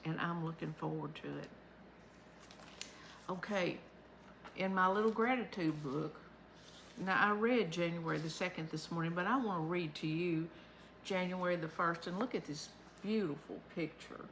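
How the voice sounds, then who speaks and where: A woman's voice: lowish voice, moderate pace, fairly bright tone, a little hiss or hum, poor audio. A woman giving a chatty, homespun devotional talk as the host of her own vlog, recorded at home.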